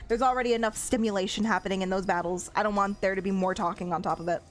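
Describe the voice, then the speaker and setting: A woman's voice: medium pitch, steady tone, very fast, faint music behind. A young woman streaming a game, chatting casually, gushing about the characters and giggling often. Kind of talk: casual gameplay commentary.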